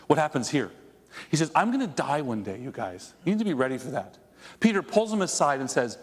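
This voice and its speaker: A man's voice: medium pitch, big pitch swings, fairly quick, slightly rough, big-room sound. A man preaching a conversational sermon as a pastor, asking his congregation rhetorical questions. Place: church sanctuary.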